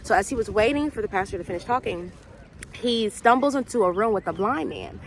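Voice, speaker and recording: A woman's voice: medium pitch, lively intonation, a little fast, a little hiss or hum. A young woman hosting a faith vlog, casually retelling a movie and acting out the characters' lines. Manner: chatty storyteller acting out quoted dialogue.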